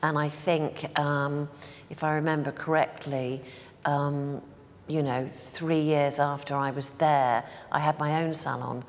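A woman's voice: low-pitched, flat delivery, unhurried, long reverb tail. A woman in her sixties from Bristol, England, telling stories in a casual interview as a make-up artist guest, rambling with fillers and restarts. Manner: chatty storyteller, many fillers and restarts. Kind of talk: casual anecdotal interview talk.

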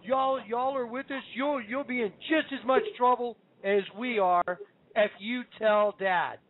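A man's voice: very high voice, a little slow, voice pushed up. A man voicing two defiant, guilty older brothers in a story he tells. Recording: phone-line audio.

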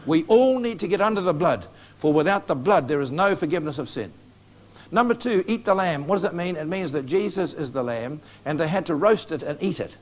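A man with a New Zealand accent preaches to a live congregation. His voice sits somewhat high, and he talks with urgent, earnest exhortation. He turns again and again to address his listeners directly. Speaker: evangelist preacher. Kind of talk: sermon. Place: church meeting before a live congregation.

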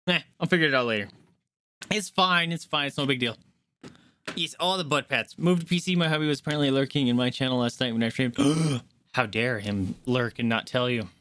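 A man streaming a game live, chatting casually with viewers and reacting out loud. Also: mid-range voice, fairly quick. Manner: chatty, greets chat, squeals when startled.

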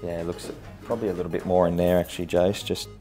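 Australian male therapist, slightly low voice, relaxed and jokey. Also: fast, faint music behind. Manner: easygoing, laid-back, laughs often. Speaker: massage therapist co-host. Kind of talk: casual banter during a massage session.

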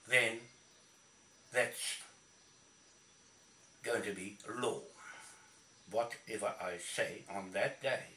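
A man's voice: fairly low pitch, a bit bright. A man with a New Zealand accent, delivering a combative, swearing rant aimed at someone he calls out by name. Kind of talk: angry rant to camera. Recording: echoey, from a distance, faint noise.

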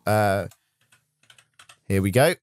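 A man's voice: fairly low pitch, expressive, takes it slowly, dry recording. A man co-hosting a gaming video, chatting casually with a friend while playing, joking and telling silly made-up stories with frequent laughs. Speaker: co-host of a gaming channel.

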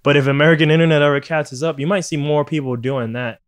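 A man's voice: fairly high pitch, fairly even intonation, quick pace, clear, resonant tone. A man from Puerto Rico hosting a casual podcast, ranting with lots of swearing and frequent laughter. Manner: profane, ranting, laughs often. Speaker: podcast host.

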